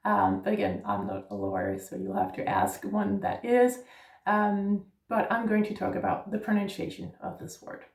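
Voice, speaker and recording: A woman's voice: mid-range voice, expressive, moderate pace, gravelly, echoey room, distant mic. A woman teaching Danish pronunciation, patiently spelling out letters and checking in with "yeah?". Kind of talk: pronunciation lesson.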